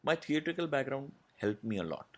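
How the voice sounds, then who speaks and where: A man, a voice artist answering interview questions in a measured, explanatory way with many pauses. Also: mid-range voice, big pitch swings. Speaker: voice artist guest.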